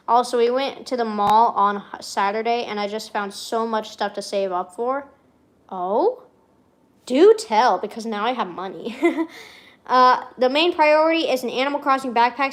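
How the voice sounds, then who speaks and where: A young adult woman streamer in casual chat, reading aloud from her old journal with excitable rambling and frequent swearing. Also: on the high side, fairly quick.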